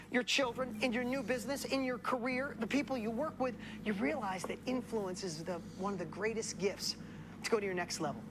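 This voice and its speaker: A woman delivers a preachy motivational speech from a stage, repeating key phrases and throwing questions at the crowd. Her voice sits a little high. Clear ambient noise fills the background of the played-back recording. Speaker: motivational speaker.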